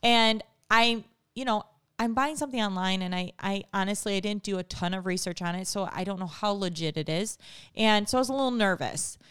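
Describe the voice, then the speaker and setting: A woman in her thirties, a mother, chatting casually and telling stories in an animated way as co-host. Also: medium pitch, brisk, clear, resonant tone, no echo, clean studio sound. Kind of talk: casual chat.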